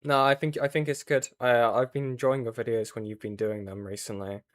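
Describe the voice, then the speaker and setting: Medium-pitched and fairly quick, with little pitch movement, this stream host chats casually about online drama. His talk is loose and filled with fillers, especially "like."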